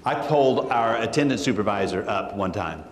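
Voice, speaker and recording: A school administrator gives an animated conference talk to educators in a large hall, telling stories, acting out quotes, and leading call-and-response chants. His voice is on the low side at normal speed, with the echo of long hall reverb around it.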